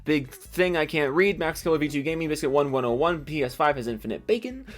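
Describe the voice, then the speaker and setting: Fast-talking young man reading off names. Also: on the high side, expressive. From Seattle area, USA. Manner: rattles off names quickly, swears and jokes at himself. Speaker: YouTuber reading supporter names. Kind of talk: rapid-fire name reading with comedic asides.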